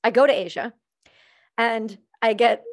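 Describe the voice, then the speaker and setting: Casting: woman host, slightly high-pitched, frank and joking, casual chat. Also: unhurried. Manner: candid, jokey, swears freely.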